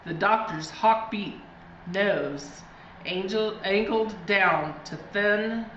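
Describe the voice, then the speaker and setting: A woman reads a spooky children's book aloud at a slow, deliberate pace, leaning into the drama. Her voice is bright and forceful. The recording sounds distant and roomy, a little dull, with a faint hiss. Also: medium pitch. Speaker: reader. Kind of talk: storybook reading aloud.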